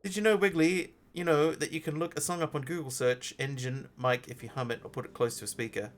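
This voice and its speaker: A man's voice: fairly high pitch, steady tone, fairly quick, a little hiss or hum. A man streaming a game live, chatting casually in a rambling way with lots of ums and restarts. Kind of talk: casual live-stream chat while playing.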